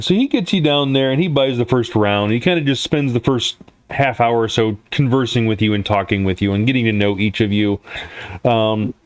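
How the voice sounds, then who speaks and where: A man running a tabletop game, narrating scenes and asking players what they do. His delivery is loose and unpolished, his pitch sits in the middle of the range, and the sound is dry and close with no room echo. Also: clean tone. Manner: loose, many fillers and restarts, laughs easily. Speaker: game master.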